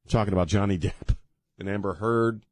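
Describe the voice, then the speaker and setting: A man's voice: fairly low pitch, fairly even intonation, fairly quick, no echo, clean studio sound. A man hosting a talk radio show, rambling casually and joking at his own expense, then turning earnest about faith. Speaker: radio host. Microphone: studio mic with headphones.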